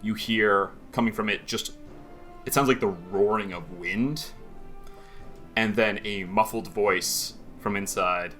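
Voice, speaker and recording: Game master, man, low-pitched, bright and forceful tone, rambly, light music under. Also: fairly even intonation, takes it slowly. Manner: rambling, many fillers while describing. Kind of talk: narrating a tabletop game.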